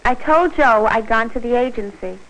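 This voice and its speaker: A woman's voice: on the high side, moderate pace, fairly bright tone, poor audio. An actress voicing a scared pregnant teenage girl, narrating her story in earnest, plain first-person narration for an old educational film.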